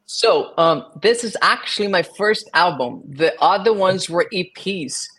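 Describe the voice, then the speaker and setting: A man's voice: high-pitched, expressive, unhurried, pushed and bright, breathy edge. Brazilian-accented young man, guest in an interview, hesitant phrasing, Portuguese native speaker. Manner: searching for words, many restarts. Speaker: guest singer and actor. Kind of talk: interview answers.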